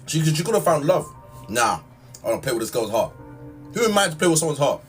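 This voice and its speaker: A man's voice: a little high, big pitch swings, fairly quick, far from the mic, soft background music. A young man ranting to camera in an exasperated, heated way, full of slang. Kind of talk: ranting vlog.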